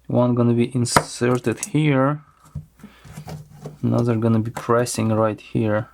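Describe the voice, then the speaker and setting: Slow, musing man taking apart a charger. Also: medium pitch, fairly even intonation, creaky, darkish tone, a little hiss or hum. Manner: unhurried thinking aloud, with fillers and restarts. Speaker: electronics teardown channel host. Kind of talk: casual hands-on teardown commentary.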